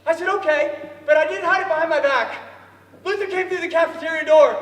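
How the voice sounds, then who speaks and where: A man telling a lively story to an audience, acting out voices and often laughing. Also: very high voice, brisk. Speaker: storyteller speaker. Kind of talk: storytelling speech. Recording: echoey hall from far off.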